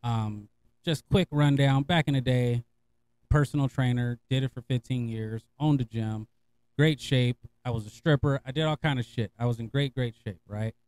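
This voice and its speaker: A man's voice: mid-range voice, normal speed, smooth. A middle-aged man hosting a podcast, telling stories in a casual, profane way and laughing often. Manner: laughing, profane, animated storyteller. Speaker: podcast host. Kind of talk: casual storytelling monologue.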